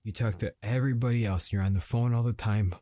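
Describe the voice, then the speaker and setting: A man's voice: fairly low pitch, steady tone, no echo, natural voice. A man playing a frustrated, swearing husband. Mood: angry. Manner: halting, swearing, escalating to yelling. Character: frustrated husband arguing with his wife at dinner. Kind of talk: improvised dramatic monologue.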